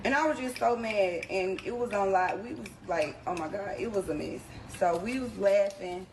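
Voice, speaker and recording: A woman telling a personal story in a casual, animated, slangy way, addressing her listeners directly. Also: mid-range voice, normal speed. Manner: animated, slangy, talks straight to the audience. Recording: background noise under the voice.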